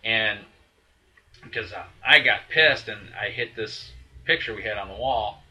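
A man with a lowish voice tells a story in casual conversation, swearing freely and circling back with restarts and asides. His tone is hard-edged and forceful. The telling stays heated throughout. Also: a little slow, low-quality recording. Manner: rambling with frequent restarts and asides. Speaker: storyteller recounting a breakup.

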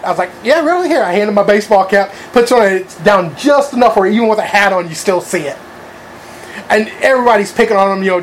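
A man's voice: sits high, slight background noise, poor audio. A man telling a crude, rambling anecdote in casual chat, swearing freely and laughing at his own story.

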